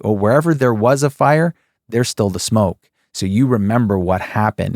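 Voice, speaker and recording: Low-voiced man giving a joking Bible lesson. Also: darkish tone, no room sound, clean studio sound. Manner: joking, tongue in cheek, rhetorical questions; folksy, keeps saying "okay" and "folks". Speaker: Bible teacher. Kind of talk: conversational scripture teaching.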